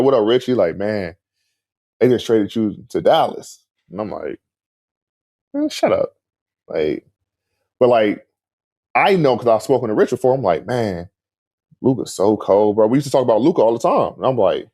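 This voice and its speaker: A man with a lowish voice, recorded with no room sound, casually tells a story as a guest. He's animated, acts out quoted dialogue, and says "like" and "man" a lot.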